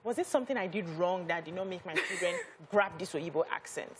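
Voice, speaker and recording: A middle-aged Nigerian woman and mother co-hosting a TV talk show, telling stories in an emphatic, animated way. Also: fairly low pitch, a little fast, slight background noise. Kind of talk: studio panel discussion.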